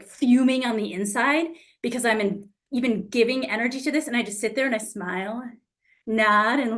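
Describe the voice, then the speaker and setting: A woman coach giving a casual teaching talk to an online group. She speaks frankly, swears freely and acts out the exchanges she describes. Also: on the high side. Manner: lively, acts out quoted exchanges.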